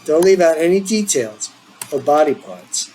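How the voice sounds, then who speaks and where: Lifting his voice above its natural range, a man plays a needling, playful teen boy who is eager to leave for college, in a teasing mood. His pitch swings widely at a moderate pace. The audio is poor, with slight hiss or hum.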